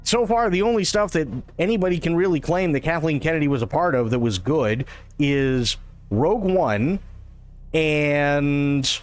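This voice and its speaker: A man's voice: a little high, unhurried, smooth. A man ranting profanely in casual live-stream chat.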